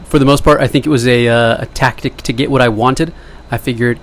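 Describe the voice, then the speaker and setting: A man's voice: medium pitch, fast talker, hardly any pauses. Rambling joking young man on camera. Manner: jokey, self-deprecating, wandering asides. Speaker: vlogger. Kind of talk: rambling casual monologue to camera.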